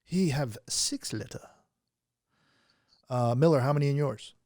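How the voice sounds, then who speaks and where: A man's voice: medium pitch, unhurried, a little mellow, dry recording, clean studio sound. A man hosting a comedic game show over a phone call, teasing his players and laughing often.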